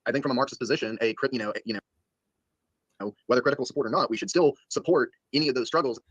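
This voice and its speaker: Fast-talking man, filler-heavy political rambler, dry close sound. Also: mid-range voice, breathy edge, dry recording, highs cut off. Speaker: stream co-host discussing politics. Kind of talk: casual political discussion.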